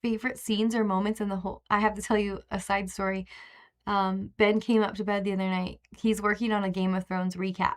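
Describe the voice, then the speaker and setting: A woman's voice: mid-range voice, level tone, a little fast. A young woman hosting a live stream, chatting casually and emotionally with many fillers and restarts.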